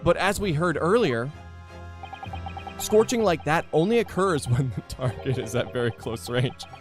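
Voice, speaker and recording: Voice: medium pitch, expressive, moderate pace, over music. A streamer playfully reading game dialogue aloud during a let's play and laughing often. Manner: laughs often, reads lines with dramatic flair.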